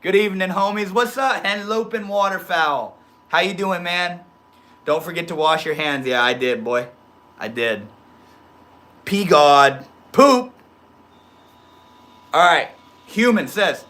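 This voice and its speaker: A man chatting on a casual livestream, reading comments out loud and cracking up at them. His voice sits a little high and sounds bright and forward. He talks loosely, full of slang, laughing easily. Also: animated, slow pace, long pauses. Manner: joking, laughs often, slangy. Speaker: livestream host reading chat. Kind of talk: casual live stream chat.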